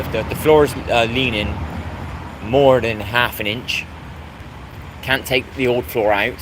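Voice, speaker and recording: A man from England talks casually on a live stream in a mid-range voice against a noisy background. He rambles and repeats himself while greeting viewers in the chat.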